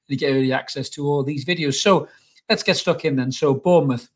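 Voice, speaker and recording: A man's voice: a little high, fairly quick. A man hosting a casual football match preview, blunt and opinionated. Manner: blunt, opinionated, swears about rivals. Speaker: football channel host.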